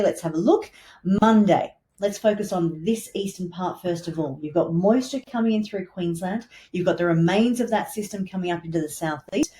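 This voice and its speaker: Woman, weather presenter, casual forecast walkthrough, lowish pitch, warm mellow tone. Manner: chatty and enthusiastic, points along a map with little asides.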